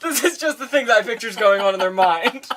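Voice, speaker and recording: A woman's voice: fairly high pitch, lively intonation, brisk, a crowd in the background. A woman co-hosting a casual TV recap, playful and jokey, cutting in with her own takes. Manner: playful, giggly, jumps in with jokes. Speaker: podcast co-host.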